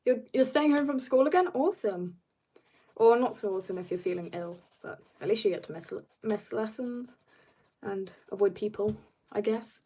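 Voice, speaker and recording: A teenage girl from South Africa, a little husky from being ill, rambling playfully as she greets viewers and chats while drawing on a live stream. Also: medium pitch, moderate pace, dark tone. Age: teens. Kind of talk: casual live-stream chat.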